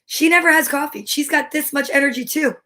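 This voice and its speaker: Bubbly woman host, middle-aged, high bright voice, chatty and animated with young viewers. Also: brisk. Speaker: host of a children's story-time show. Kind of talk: cheerful chat to kids at home.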